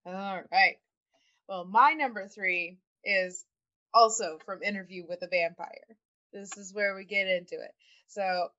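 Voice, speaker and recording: A woman's voice: mid-range voice, fairly bright tone, highs cut off. A woman co-hosting a podcast, chatting casually and laughing often, with plenty of fillers. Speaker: podcast co-host.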